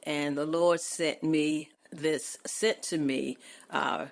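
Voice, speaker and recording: Low-voiced woman in her eighties. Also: steady tone, slow pace, creaky. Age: 80s. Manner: warm, laughing, churchy turns of phrase. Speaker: podcast guest. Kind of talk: casual chat.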